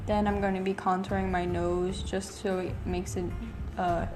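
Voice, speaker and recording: A woman's voice: mid-range voice, flat delivery, moderate pace, over music. A woman giving a voice-over makeup tutorial, explaining each step in a practical way. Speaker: makeup artist.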